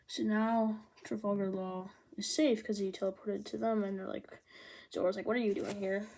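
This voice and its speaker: A woman recapping a manga volume in casual chat, sarcastic and quick to throw in little impressions of the characters. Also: medium pitch, flat delivery, vocal fry, background noise. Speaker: manga reviewer.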